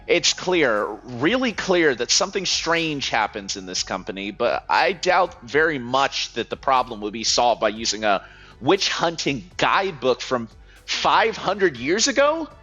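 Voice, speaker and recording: Man voicing a stammering skeptical office guy, slow, bright tone, lo-fi sound. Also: mid-range voice, big pitch swings, faint music behind, heavily acted. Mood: doubtful. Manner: stammering, reasonable, fussy. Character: nervous, skeptical young male office worker.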